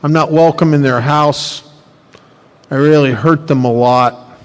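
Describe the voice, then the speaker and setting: A man speaking at a recovery workshop, telling personal stories in an animated, repetitive way. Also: a little high, measured pace. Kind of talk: personal storytelling talk. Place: workshop hall. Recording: reverberant hall.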